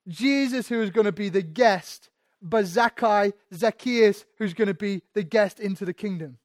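This preacher has a high-pitched voice and no room sound around him. He repeats phrases, poses rhetorical questions, and swings between hushed moments and loud crescendos.

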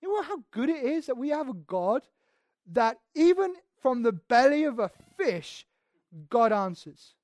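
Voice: high-pitched, big pitch swings, measured pace, darkish tone, no room sound. Emphatic conversational preacher, dry close sound. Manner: conversational, emphatic, frequent restarts and asides; acts out quoted speech with sudden shifts in volume. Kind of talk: expository sermon.

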